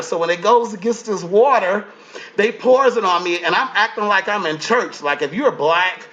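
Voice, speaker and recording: A man who was a reality show contestant, telling profane, animated stories in a casual interview. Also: high-pitched, moderate pace, lo-fi sound. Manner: animated storytelling, profane, acts out quotes.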